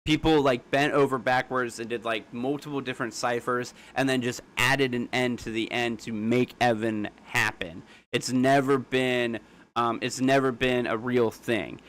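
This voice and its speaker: A young man streaming live, talking casually and bluntly, quick to argue. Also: medium pitch, steady tone, a bit bright. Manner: blunt, rapid, argumentative.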